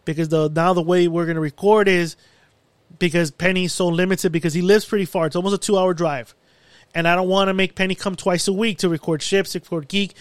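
A man's voice: high-pitched, a little fast, no room sound. A man hosting a podcast, telling a long story in a casual way, swearing often and acting out what he and others said. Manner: animated, swears often, retells his own quotes. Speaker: podcast host. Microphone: studio mic.

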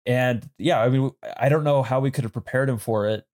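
A man's voice: medium pitch, fairly quick, a little mellow. A man in his thirties on a casual movie podcast, thoughtful and hesitant with many ums and restarts. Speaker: podcast co-host.

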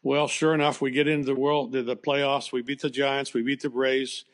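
A former baseball coach, an older man, relates an emotional personal story during a podcast interview. His medium-pitched voice keeps a level tone at normal speed, and his plain, conversational talk includes fillers and restarts.

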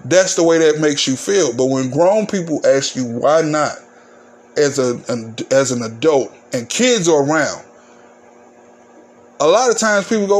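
A man's voice: on the high side, expressive, normal speed. A man hosting his own podcast, talking casually in a candid, ranting, profane monologue. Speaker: podcast host.

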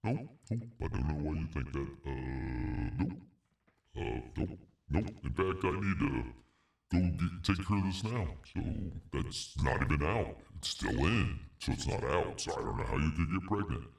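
Man doing a dodgy guy, deep gravelly mumble, curt denials, roomy sound away from the mic. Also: expressive, normal speed, distant mic. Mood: evasive. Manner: dull, curt, evasive mumbling. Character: evasive young man dodging a question. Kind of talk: comedic solo podcast role-play.

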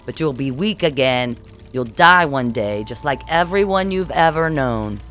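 A man's voice: mid-range voice, big pitch swings, normal speed, faint music behind. A man voicing a cruel, mocking male villain who taunts in a falsely sweet, cheerful way. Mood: shouting.

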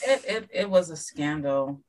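A woman's voice: low-pitched, a little slow, poor audio. A woman guest in a casual podcast chat, telling stories and acting out dialogue. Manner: lively storyteller who acts out dialogue.

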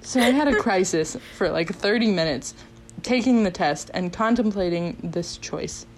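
A woman in her twenties casually telling a story on a podcast, animated, laughing often and acting out what people said. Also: medium pitch, moderate pace, rough recording. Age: 20s.

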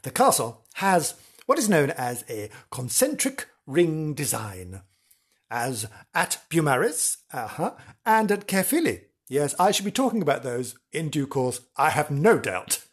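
A man's voice: a little high, very animated, measured pace, slightly rough. A man telling a legend in a playful, theatrical way, full of jokey asides and chuckles. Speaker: storyteller. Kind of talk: playful storytelling narration.

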